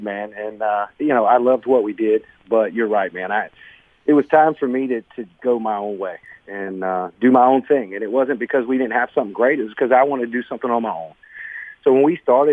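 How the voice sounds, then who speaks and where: A man's voice: medium pitch, no echo. A middle-aged man telling his story as a guest in an interview, earnest and emotional, often saying "man" and "bro.". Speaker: guest, business owner. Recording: tinny phone-like sound.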